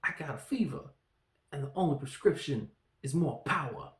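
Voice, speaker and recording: A man doing an impression of an eccentric, offbeat male movie villain with a halting, oddly stressed delivery, in an echoey room. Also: a little high, animated, distant mic, close to an everyday voice. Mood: demanding.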